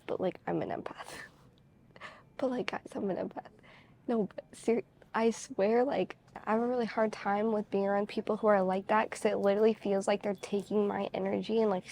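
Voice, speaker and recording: A woman's voice: mid-range voice, vocal fry, mellow, slight background noise. A woman vlogger chatting casually to camera, rambling and candid, with lots of "like" fillers. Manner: candid, confessional storytelling.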